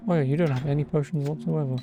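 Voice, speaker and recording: A man's voice: fairly high pitch, fairly even intonation, very fast, gravelly, dark tone, soft background music. A man giving casual, sarcastic gameplay commentary as a streamer. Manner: wry, sarcastic. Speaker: let's play streamer.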